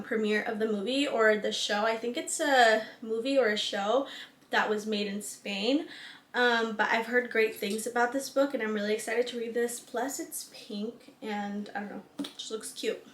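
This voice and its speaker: A woman's voice: on the high side, a bit bright, roomy sound. A young woman chatting casually about books she owns, gushing and full of fillers like "um" and "like". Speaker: book vlogger. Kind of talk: casual book haul chat.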